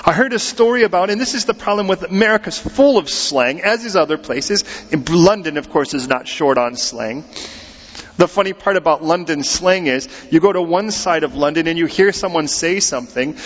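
A middle-aged American man preaching a sermon in a church, lively and conversational, acting out little quotes as he goes. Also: fairly high pitch, moderate pace. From United States. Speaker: pastor. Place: church sanctuary. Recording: muffled sound in a large reverberant hall.

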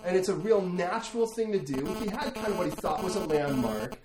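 A man preaching a sermon as a pastor, telling stories and building to animated emphasis. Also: sits high, a little fast. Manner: storytelling, rising to animated emphasis. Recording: echoey room, faint ambience.

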